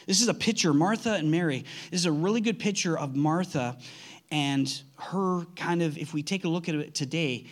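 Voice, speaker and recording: A man's voice: fairly high pitch, normal speed. A man preaching a conversational sermon, earnest, often restarting his sentences. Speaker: pastor.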